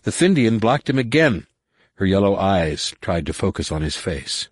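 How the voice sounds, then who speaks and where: Brief: male audiobook narrator, very low and husky, measured reading. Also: lively intonation, no room sound. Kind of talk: scripted narration.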